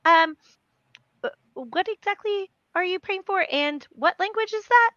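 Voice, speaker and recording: A woman's voice: extremely high pitch, expressive, measured pace, a bit bright, no echo, dull audio, voice pushed up, exaggerated voice. A woman playing a friendly woman professor character who asks questions in a hesitant, polite way. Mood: curious, polite.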